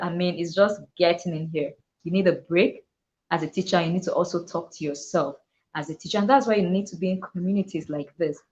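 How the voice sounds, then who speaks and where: Earnest low-voiced woman teacher, lo-fi. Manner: earnest, acts out quoted voices, laughs often. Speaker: teacher and dyslexia coach. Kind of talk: motivational talk to teachers.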